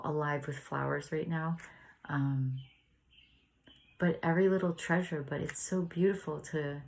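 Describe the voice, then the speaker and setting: A woman in her thirties leading a spiritual study, chatting in a gentle, meandering way and laughing often. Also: deep voice, slight background noise. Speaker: spiritual study group leader. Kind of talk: casual reflective sharing and reading aloud.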